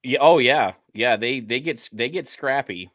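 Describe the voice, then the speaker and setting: A man's voice: mid-range voice, moderate pace, a bit bright, no room sound. A man who works as a police officer, telling stories in a laid-back, casual chat full of "you know" fillers. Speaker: podcast host, police officer.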